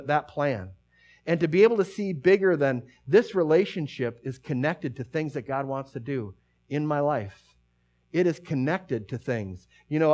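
A middle-aged male pastor preaches a sermon in a conversational way, restarting often and dropping to a hush for emphasis. His voice sits on the high side.

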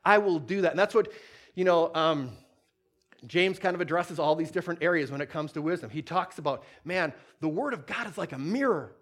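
A man's voice: fairly high pitch, fairly quick, a bit bright. A middle-aged man preaching a sermon, telling a story with laughs and putting on little voices.

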